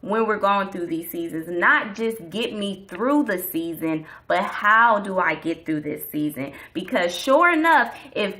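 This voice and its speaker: A woman's voice: medium pitch, animated, unhurried, hardly any pauses, sharp tone. A woman vlogger giving a casual faith talk in a chatty, slangy, preachy way.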